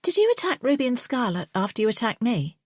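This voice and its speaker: A bitter, cold woman snaps back with biting sarcasm, voiced by a woman narrator. Her voice sits low in a dry, close recording. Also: unhurried, dry recording. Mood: angry. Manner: sharp, biting retorts. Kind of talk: audiobook dialogue.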